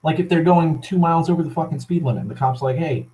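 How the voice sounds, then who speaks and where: On a low-quality recording, a young vlogger from Massachusetts fires off a casual rant at his camera in a slightly high, warm, rapid-fire voice. It's heavy with profanity, sardonic asides, and rambling restarts.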